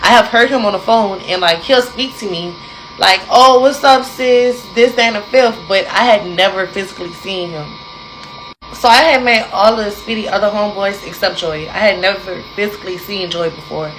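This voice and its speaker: A young adult woman telling a personal story in a casual, animated way, speaking straight to her listeners. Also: medium pitch, slight background noise, rough recording. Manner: animated, addresses listeners directly, dramatic pauses.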